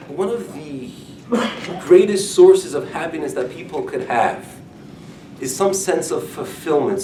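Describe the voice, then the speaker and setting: A man gives a relaxed talk as a rabbi, spinning stories with animated humor. His voice sits a bit on the high side and comes from some distance, in a roomy, echoing space with a faint hum of ambience. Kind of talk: informal talk to a group. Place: room with curtains. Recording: echoey room, mic from far off.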